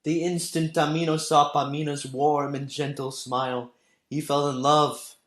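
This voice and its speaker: A man, a teacher, reading a storybook aloud with slow, dramatic expression. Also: fairly high pitch, level tone. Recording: roomy room, faint background music.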